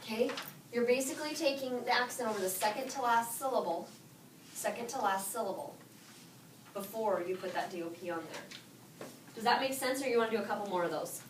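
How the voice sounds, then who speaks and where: Teacher lady w a high bright voice quizzing her class, sounds far off in an echoey classroom. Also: brisk, slight background noise. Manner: quizzes students and repeats answers back. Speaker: high school Spanish teacher.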